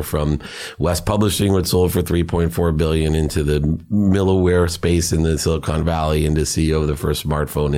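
Guest spot: middle-aged man, very low voice, earnest storytelling. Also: darkish tone. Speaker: podcast guest. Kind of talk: personal storytelling.

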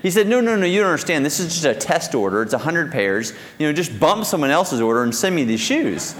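A man telling an animated story on stage at a conference, acting out a phone call. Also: a little high, fast talker. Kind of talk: live keynote storytelling. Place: conference stage in a large hall. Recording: long hall reverb from a live keynote.

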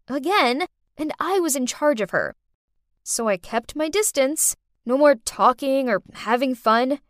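A young woman narrating a first-person animated story in a dramatic, exclaiming manner. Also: fairly high pitch, no echo, clean studio sound. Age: young adult.

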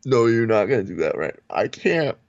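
Male podcast co-host, gravelly, animated, dull dry recording. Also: brisk, no echo. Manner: animated, acts out quotes with falsetto and whispers. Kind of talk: casual chat.

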